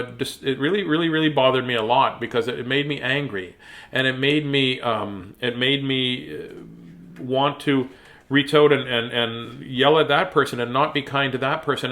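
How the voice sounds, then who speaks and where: A man who hosts a children's reading show, speaking gently and earnestly to young viewers about kindness, with pauses and filler words. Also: medium pitch. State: choked up. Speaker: children's story reader and host. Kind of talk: reading aloud to kids, then heartfelt talk.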